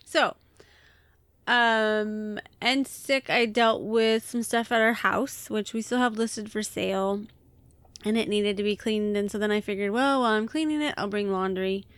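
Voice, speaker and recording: A woman's voice: medium pitch, fairly even intonation, a little slow, clear, resonant tone, dry recording. A woman co-hosting a podcast in a casual chat, talking freely and laughing often. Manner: chatty, laughs often, many likes. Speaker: podcast co-host.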